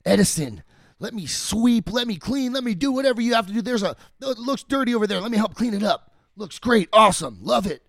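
A man voicing an excited young man who pleads to be given a job. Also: high voice, quick pace, vocal fry, no room sound, clean studio sound. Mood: pleading.

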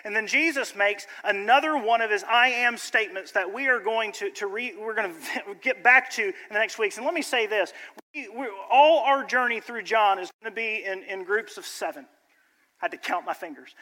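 A man's voice: sits high, sharp tone. A pastor preaching a sermon to his church, conversational and joking, then building to emphatic appeals. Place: church sanctuary. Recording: long church hall reverb.

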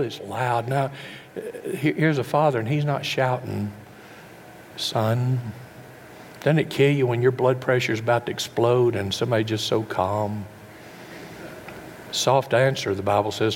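Preacher in an echoing hall. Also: male voice, mid-range voice, moderate pace, a little hiss or hum. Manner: rhetorical questions and stumbling repeats. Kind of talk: sermon. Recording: long reverb in a hall, faint background.

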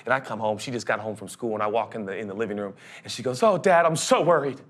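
Delivering his sermon very fast, this young pastor stays animated throughout. Comic voices creep in as he climbs toward an urgent intensity.

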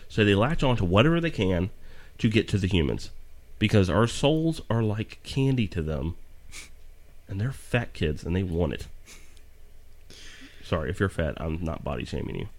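A man's voice: deep voice, big pitch swings, moderate pace, long pauses, a little mellow. A man hosting a casual podcast chat, rambling and joking as he reads aloud from his notes with stumbles. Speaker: podcast host.

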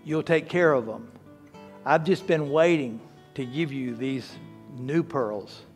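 A man voicing a gentle father speaking tenderly to his little daughter in a sermon story. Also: mid-range voice, slow, faint music behind, natural voice.

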